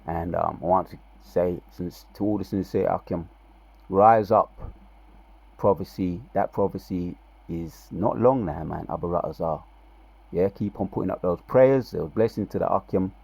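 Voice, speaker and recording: A man giving casual religious commentary, reading scripture aloud with loud, drawn-out emphasis between relaxed, slangy asides. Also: sits low, gravelly, slightly rough, no room sound. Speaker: religious video preacher.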